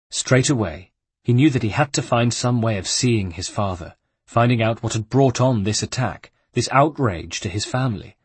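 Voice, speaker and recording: A man reading a novel aloud as an audiobook narrator, in a steady measured way. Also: mid-range voice, husky, no echo.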